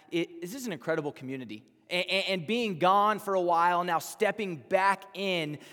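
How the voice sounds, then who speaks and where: A man's voice: a little high, fairly bright tone. Earnest Texan young man preaching in a hall. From Texas. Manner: earnest and chatty, with many false starts and repeated words. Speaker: campus pastor. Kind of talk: sermon. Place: large hall. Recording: live hall with long reverb.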